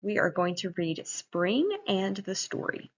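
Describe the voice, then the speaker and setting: Gentle woman teacher, encouraging, online class, dull lo-fi sound. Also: mid-range voice, measured pace. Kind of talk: online reading lesson for young children. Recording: muffled lo-fi recording.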